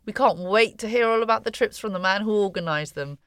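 A woman's voice: medium pitch, a little fast, a bit bright, smooth, no echo, clean studio sound. A woman hosting a podcast, asking a guest questions in a polished way. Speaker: podcast host. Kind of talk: interviewing a guest.

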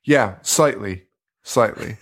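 A man's voice: lowish voice, slow. A man co-hosting a podcast, rambling through a movie review in casual chat and swearing freely in exasperated, sarcastic asides. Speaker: podcast co-host.

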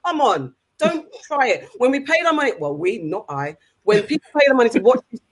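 A woman's voice: fairly high pitch, sing-song, brisk, husky. A woman with a London accent, co-hosting a casual podcast and ranting heatedly, repeating herself for emphasis. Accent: London English. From England. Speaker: podcast co-host.

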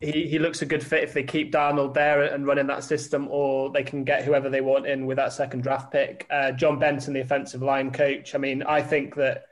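Flat-toned man talking sport. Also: mid-range voice, fairly quick, few pauses. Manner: flat-toned, rambling, self-deprecating. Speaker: podcast co-host, editor. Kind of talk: casual sports podcast chat.

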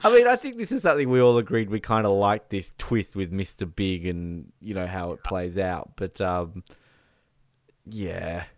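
A man's voice: deep voice, lively intonation, moderate pace, faint music behind. A man co-hosting a casual film commentary podcast, joking around and laughing often. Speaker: podcast co-host.

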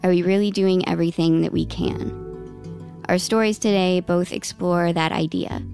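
A woman hosting a storytelling podcast, reading a scripted introduction in a measured, earnest way. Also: medium pitch, gravelly, darkish tone. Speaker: podcast host.

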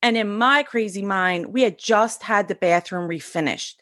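A woman in her forties, a podcast guest, telling a personal story in a lively, animated way and acting out the voices of the people in it. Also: mid-range voice, normal speed, dry recording, studio quality. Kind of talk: storytelling in an interview.

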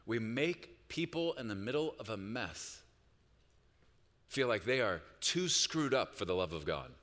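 A pastor delivering a sermon, moving between quiet reflective passages and loud, urgent appeals. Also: male voice, fairly low pitch, very animated, measured pace, long reverb tail. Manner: swings from hushed reflection to loud, rising exhortation.

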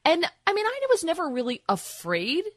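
A woman's voice: very high-pitched, huge pitch swings, moderate pace, no room sound. A woman guest-hosting a talk radio show, chatting in an emphatic, opinionated way with many asides.

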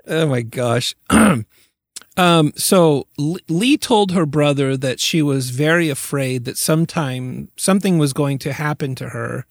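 A man's voice: a little high, measured pace, no room sound, clean studio sound. A man hosting a podcast, recounting a case in casual chat and laughing easily. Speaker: podcast host.

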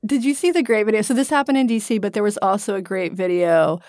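A woman's voice: mid-range voice, fast talker, darkish tone, dry recording, clean studio sound. A woman co-hosting a podcast in casual chat, blunt and profane, laughing often. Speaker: podcast co-host.

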